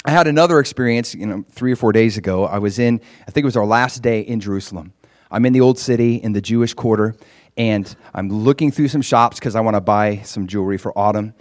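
A man casually recounting a ministry trip, growing animated and loud as the story builds. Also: quick pace. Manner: animated, gets loud and high when excited; frequent fillers and restarts. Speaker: traveling minister.

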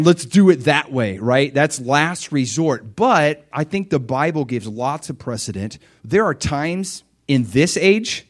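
Guy preaching, super conversational, acts out little dialogues with people. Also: medium pitch. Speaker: pastor. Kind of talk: sermon.

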